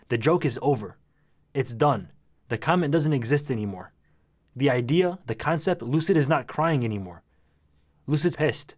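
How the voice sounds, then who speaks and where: Brief: male YouTuber, mid-pitched, slangy and dramatic storytelling. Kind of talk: casual vlog storytelling.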